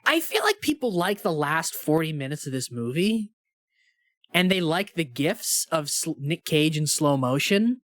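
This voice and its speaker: A young man co-hosting a movie podcast, talking casually with lots of "like" and getting animated when he rants. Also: on the high side, unhurried, no echo, clean studio sound. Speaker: podcast co-host. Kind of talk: casual movie review chat.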